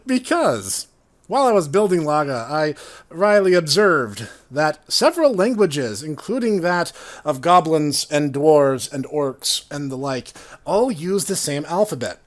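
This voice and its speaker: Higher-voiced man telling game stories. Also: a little slow. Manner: animated, laughing while recounting game stories. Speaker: podcast co-host, former tabletop player. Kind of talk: casual storytelling chat.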